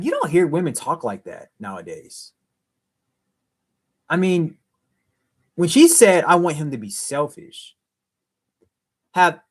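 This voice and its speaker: A man hosting a late-night football talk show, chatting casually and emphatically straight to his viewers. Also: a little high. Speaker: show host.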